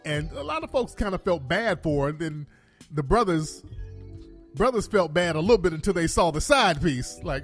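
Animated, cursing man commentator. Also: sits high, normal speed, faint music behind. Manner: animated, profane, laughing asides. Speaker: commentary host. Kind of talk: casual commentary.

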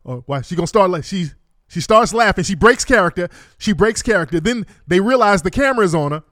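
A man's voice: sits high, expressive, a little fast, fairly bright tone, no room sound, clean studio sound. A man giving indignant, profane, mocking commentary while reacting to court video. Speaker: online commentator.

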